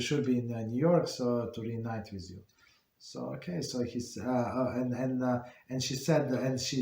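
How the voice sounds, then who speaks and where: A man teaching an online Torah class, telling a story haltingly with many fillers and restarts. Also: mid-range voice, dark tone. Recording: roomy echo.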